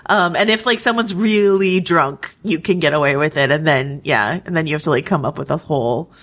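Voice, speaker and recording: A woman's voice: sits low, brisk. A woman co-hosting a TV recap podcast, chatting casually with lots of likes and ums. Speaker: podcast co-host. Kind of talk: casual chat.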